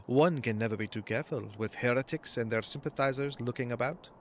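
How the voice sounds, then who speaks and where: A man's voice: medium pitch, fairly quick, a little hiss or hum, natural voice. A man voicing haughty in-game noblemen with a put-on French accent, reading their lines pompously. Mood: fussy. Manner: pompous, theatrical dialogue reading.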